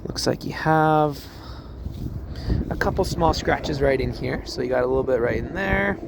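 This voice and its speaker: A man working as a car salesman, giving a casual, upbeat walkthrough of a truck while laughing often. His voice is a bit hoarse, and he is recording outdoors on a cold car lot. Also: mid-range voice, moderate pace, noisy background.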